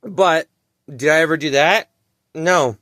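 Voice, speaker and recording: Forceful, cursing young man ranting. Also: a little high, slow pace, dry recording, clean studio sound. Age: 20s. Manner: heated, profane, repeats himself. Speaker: vlogger. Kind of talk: angry ranting commentary to camera.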